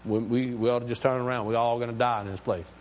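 Man putting on a panicky grumbling desert wanderer, low muttering voice, sermon story, long hall echo. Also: lively intonation, quick pace, darkish tone, a little hiss or hum, natural voice.

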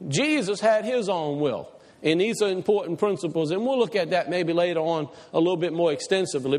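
A man's voice: high voice, darkish tone. A man preaching a sermon to a congregation, asking them questions, with folksy Southern turns of phrase. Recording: long hall reverb.

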